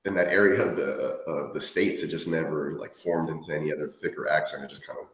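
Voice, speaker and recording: A man's voice: a bass voice, fast, very echoey. A man co-hosting a sports podcast, laid-back, running through stats and chatting. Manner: laid-back, reads stats in a steady list. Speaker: podcast co-host. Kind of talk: casual sports chat.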